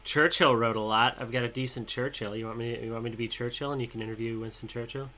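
A man co-hosting a podcast, joking dryly and then reading his own political poem in a measured way. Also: mid-range voice, steady tone, sharp tone. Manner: dry, teasing, measured when reading. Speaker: podcast co-host and poet. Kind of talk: casual chat and poetry reading.

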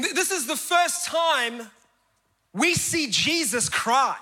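High, bright-voiced man preaching in a hall. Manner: impassioned preaching with sudden swings from shouts to hushed confession. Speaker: pastor. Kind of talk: sermon. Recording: church hall with long reverb.

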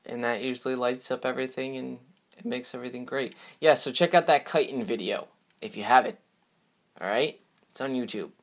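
A man's voice: mid-range voice, a little fast. A man hosting his own podcast, talking alone in a casual, upbeat and rambling way, full of fillers and restarts. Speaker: podcast host. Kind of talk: casual solo podcast outro.

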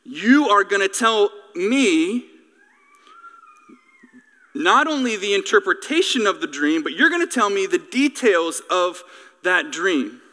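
A man's voice: sits high, very animated, slow, sharp tone, long reverb tail, exaggerated voice. A preacher acting out a furious ancient king. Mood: firm. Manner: stern, emphatic threats. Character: furious ancient king, male, adult, demanding and threatening.

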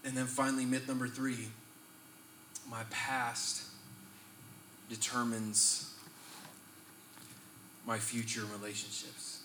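A man preaching a sermon to a live gathering. He reads scripture aloud and builds to loud, emphatic peaks. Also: medium pitch, level tone, takes it slowly, long pauses, slight background noise. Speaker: pastor. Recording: roomy hall, distant mic, live guitar behind. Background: soft guitar playing.

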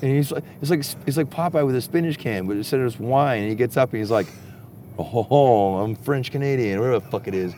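A man talks loosely and swears constantly, hopping from one campsite story to the next. His voice sits at an ordinary middle pitch. He is outdoors with a faint hiss of noise behind him. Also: rapid-fire, few pauses, mellow. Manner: rambling, heavily profane storytelling. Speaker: camper telling stories. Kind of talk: casual chat.

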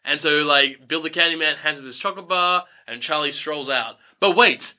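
A man's voice: on the high side, normal speed. A man, casually recapping a film with a co-host and slipping into silly voices for the characters. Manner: animated, putting on silly character voices for quotes. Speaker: podcast co-host. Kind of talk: casual movie recap chat.

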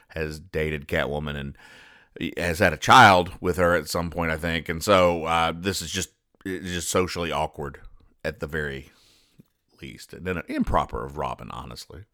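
A man hosting a comedy podcast, explaining comic strips in a dry, sarcastic deadpan that often trails off quietly. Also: low-pitched, moderate pace, no echo. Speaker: podcast host.

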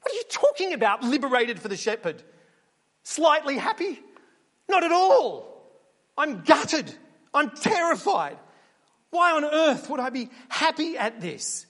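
A terrified sheep blurts out his fear in a raised, high voice, put on by a man. He bristles with panic and indignation at being asked to feel free. A long hall reverb trails each line. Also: big pitch swings, fairly bright tone, exaggerated voice. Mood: panicked. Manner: panicked, rapid, indignant outbursts. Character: frightened male sheep fleeing his slain shepherd.

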